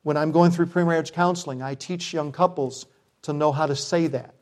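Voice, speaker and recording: A man's voice: on the high side, fairly even intonation, fairly quick, darkish tone. A middle-aged man preaching a sermon as pastor, earnest, with self-deprecating humor.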